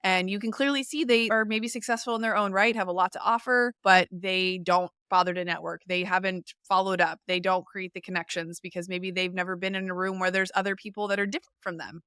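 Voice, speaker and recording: A woman's voice: medium pitch, steady tone, a little fast, few pauses, pushed and bright, smooth, dry recording, studio quality. A woman hosting a podcast, talking in a thoughtful, reflective way as she steers the conversation. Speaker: podcast host. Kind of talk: casual podcast interview.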